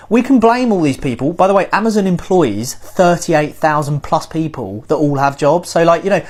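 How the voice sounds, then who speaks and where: A speaker giving an emphatic, lecturing motivational rant to camera, repeating points for effect. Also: medium pitch. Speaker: TikTok commentator.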